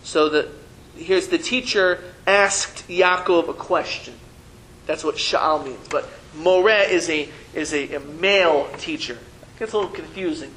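Male language teacher, higher voice, slow and patient classroom delivery, playful. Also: pushed and bright, a little hiss or hum, poor audio. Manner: patient, repeats syllables slowly for students, playful teasing. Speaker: Hebrew teacher. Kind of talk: classroom reading lesson.

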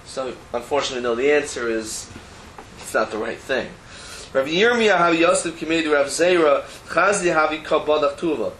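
A man gives a Talmud lesson in a somewhat high voice. He explains the text line by line, slipping Hebrew terms in among casual everyday asides. The room is echoey and there is a faint hum of noise behind him. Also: fairly quick, fairly bright tone. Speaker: Torah teacher. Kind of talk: Talmud class lecture. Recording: roomy echo, faint background noise.

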